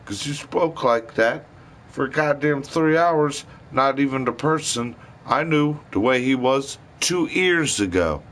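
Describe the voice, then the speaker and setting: A man's voice: on the high side, a little slow, fairly bright tone. A man ranting bitterly to his live stream, full of cursing and rambling complaints.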